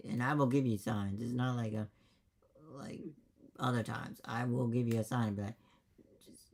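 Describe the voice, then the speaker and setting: A man's voice: medium pitch, darkish tone. A man, the dungeon master, rambling emphatically and swearing in a casual chat after a game.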